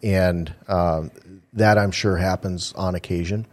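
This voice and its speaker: A man answering interview questions as a polygraph examiner, measured and careful, with many ums and uhs. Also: sits low, fairly even intonation.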